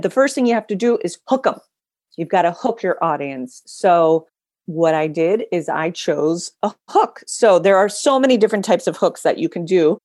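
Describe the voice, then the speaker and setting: Woman guest speaker, dramatic storyteller, somewhat low-pitched, recorded dry. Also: a little mellow, no room sound. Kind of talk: interview storytelling.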